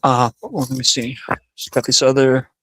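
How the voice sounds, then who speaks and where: A man's voice: mid-range voice, steady tone, moderate pace, a bit bright. A man hosting a livestream, chatting casually and upbeat, reading viewer comments aloud with many fillers. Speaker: livestream host.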